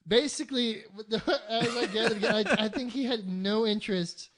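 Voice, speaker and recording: A casual podcast co-host who rambles and swears freely. Their mid-pitched voice stays conversational and slips into brief mock voices for the characters. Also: normal speed.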